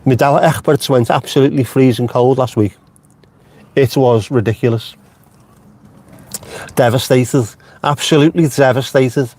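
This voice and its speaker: A man's voice: medium pitch, fairly even intonation, normal speed, pauses often, darkish tone. A middle-aged man hosting a casual live stream from inside his car, chatty and jokey, swearing freely and wandering off on tangents. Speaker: vlogger host.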